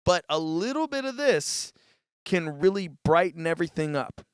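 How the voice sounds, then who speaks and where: Talking into a vocal mic routed through a live mixer, a man with a slightly high, animated voice runs a casual tutorial at a moderate pace. The tone is clean and the recording dry, with clean studio sound. A relaxed music tutorial host, he keeps saying "dude" and demonstrates with his voice.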